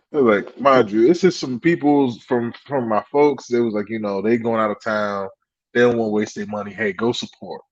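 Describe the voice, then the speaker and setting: A man co-hosting a podcast in casual chat, telling animated stories, swearing freely and laughing at himself. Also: medium pitch, normal speed, dry recording, lo-fi sound. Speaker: podcast co-host.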